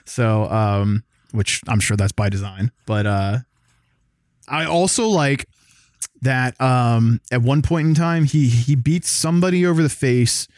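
A man from the American South, chatting casually as a co-host, rambling, excitable and full of swearing. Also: mid-range voice, a little slow, dry recording, studio quality. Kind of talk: casual chat.

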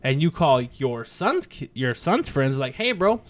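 A man in casual podcast chat, telling stories in a brash, profane, animated way. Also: medium pitch, a little slow.

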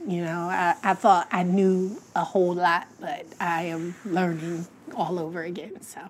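A middle-aged woman, a guest sharing an emotional, lively personal story on a talk show and quoting the people in it. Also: fairly low pitch, a little slow, slight background noise. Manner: emotional, lively storytelling with voiced quotes of her late husband. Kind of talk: casual heartfelt talk show conversation.

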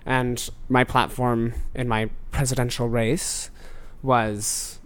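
A man's voice: mid-range voice, level tone, takes it slowly, clean tone. A young man, a podcast guest, chatting casually and telling a story with lots of fillers and asides. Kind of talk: casual chat.

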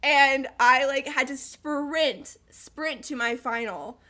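A young woman in her twenties chatting casually, telling lively stories with laughs and quoted voices. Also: high voice, slow pace. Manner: animated storytelling with laughter and acted quotes. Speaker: guest storyteller. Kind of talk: casual chat.

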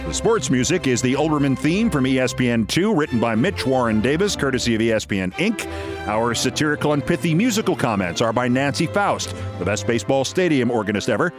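A man's voice: mid-range voice, sing-song, a little fast, music in the background. A middle-aged man hosting a news commentary show, delivering a scripted monologue in an emphatic, sardonic way. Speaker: host.

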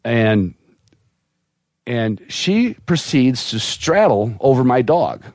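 A man telling a long story on a podcast in an animated, laughing way, as a guest who breeds dogs. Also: mid-range voice, takes it slowly, dry recording, studio quality.

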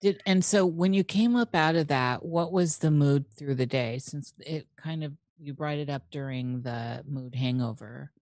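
Interviewer, mid pitch, curious questions, dry sound. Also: a little slow, hardly any pauses, a little mellow, no room sound. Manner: curious, asks follow-up questions. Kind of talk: casual interview.

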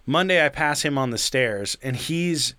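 A young man telling a story casually, with plenty of fillers and curses. His voice sits at an ordinary middle pitch and sounds close and dry. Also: lively intonation, unhurried, sharp tone, no room sound. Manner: rambling, with many fillers and swearing.

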